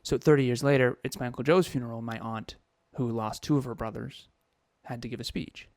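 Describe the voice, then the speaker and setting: A man's voice: medium pitch, steady tone, fairly quick, a little mellow, no echo. A man in his thirties co-hosting a podcast, telling a personal story in an emotional, confessional way with frequent restarts. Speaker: podcast co-host.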